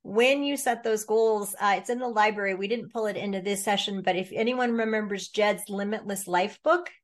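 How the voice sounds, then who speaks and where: Energetic woman coaching a workshop group. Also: medium pitch, moderate pace. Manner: energetic, acts out inner voices with playful quotes. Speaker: business coach leading a group session.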